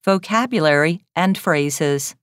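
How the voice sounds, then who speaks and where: A woman reading English lesson headings and phrases in a measured, even way. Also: low voice, smooth, no room sound, clean studio sound. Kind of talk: slow, clearly read language-lesson phrases.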